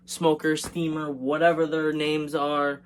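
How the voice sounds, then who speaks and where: A man's voice: a little high, level tone, a little slow. A man casually recapping a movie in a rambling, joking way, with frequent hesitations and fillers. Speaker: movie reviewer.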